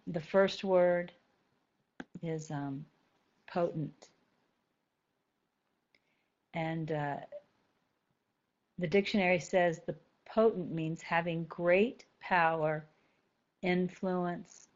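This is a woman leading a reflective spiritual talk for a group, her voice a touch low and her pace very slow. She turns phrases over gently and repeats them for emphasis. The recording sounds slightly dull and lo-fi. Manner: gentle, thoughtful, repeats key phrases slowly. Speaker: spiritual teacher.

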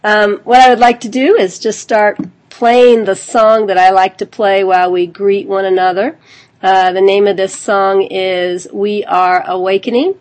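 A woman with a cold and a low, husky voice, hosting an online spiritual gathering in a casual, chatty way with many fillers. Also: level tone, unhurried, a little mellow. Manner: chatty, informal, with frequent fillers and small laughs. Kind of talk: casual address to an online group.

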